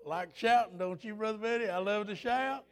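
Fervent high-voiced preacher man. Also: normal speed. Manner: fervent, folksy, rising to shouts. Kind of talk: revival sermon.

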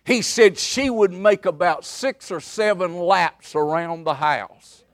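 A man preaching with a drawl, his voice sitting a little high for a man. He stretches his words out slowly and leans on each one. He lurches from loud cries to near-whispers. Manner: dramatic, swinging between loud outbursts and hushed asides. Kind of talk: revival sermon. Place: camp meeting service.

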